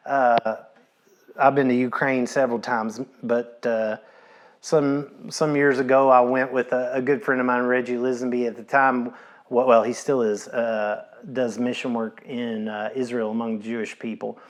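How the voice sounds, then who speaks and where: A man preaching a sermon from the pulpit. He speaks at a middle pitch and tells stories in a conversational way, repeating his key phrases and dropping in casual asides. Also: level tone, unhurried. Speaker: pastor.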